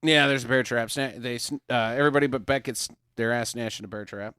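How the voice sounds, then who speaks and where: A man's voice: mid-range voice, steady tone, quick pace, pushed and bright, clear, resonant tone, no room sound, clean studio sound. A man hosting a podcast, joking crudely while riffing on a bad movie with friends. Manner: joking, crude, slips into silly voices. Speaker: podcast host.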